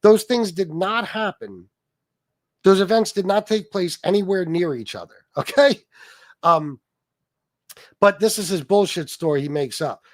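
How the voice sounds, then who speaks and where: A man's voice: high-pitched, unhurried, long pauses, dry recording. A man hosting a livestream, reading chat comments aloud and commenting in a profane, mocking way. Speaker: livestream host.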